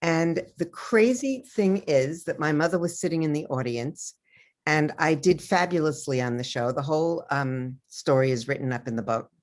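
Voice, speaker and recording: An older woman author in an interview, telling personal stories in a lively way and acting out the voices of the people she quotes. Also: deep voice, normal speed. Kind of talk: storytelling interview over video.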